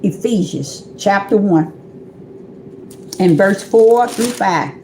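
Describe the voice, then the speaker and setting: A woman's voice: mid-range voice, slow, darkish tone, reverberant, slight background noise. A woman calling herself a prophetess, preaching an informal livestream sermon in a chatty, repetitive way that speaks straight to her listeners. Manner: conversational, repetitive, addresses listeners directly. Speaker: self-described prophetess preaching.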